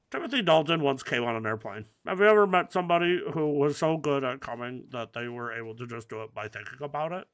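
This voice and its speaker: A man's voice: medium pitch, animated, fast talker, hardly any pauses, a bit bright. A man giving comedic gaming commentary, rambling through absurd, crude jokes. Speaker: gaming video host.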